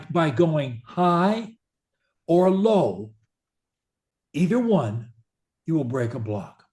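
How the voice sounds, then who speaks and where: A man coaching a client in a speech therapy session, blunt and pushy, demonstrating high, low and soft voices. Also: roomy sound.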